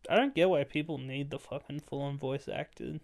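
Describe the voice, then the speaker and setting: A man's voice: a little high, normal speed, a little mellow. Casual, swearing young man. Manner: loose, swears a lot. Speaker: podcast co-host. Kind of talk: casual chat.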